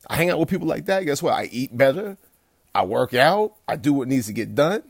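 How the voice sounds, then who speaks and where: A fitness coach talking bluntly and profanely from home at night, rambling with restarts and turning loud and heated as he rants. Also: medium pitch, big pitch swings, brisk, gravelly, husky, no room sound, studio quality. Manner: gets loud and heated when ranting. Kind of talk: late-night livestream pep talk.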